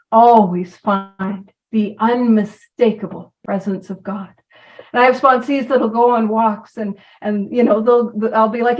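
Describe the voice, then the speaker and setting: A woman with a slightly high voice speaks in an earnest, reflective way as a recovery sponsor, drawing out the words she wants to stress. The recording is dull and lo-fi. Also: distant mic. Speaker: sponsor sharing on recovery steps. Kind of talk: reflective talk on step work.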